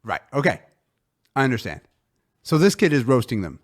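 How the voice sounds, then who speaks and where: A man's voice: mid-range voice, very animated, moderate pace. Puzzled male guest asking questions. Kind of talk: casual reaction chat.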